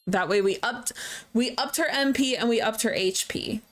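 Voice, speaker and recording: Speaking at normal speed with a slightly high voice, a woman casually comments on the game she's streaming. Laughter comes often, so does profanity, and soft game music runs behind her.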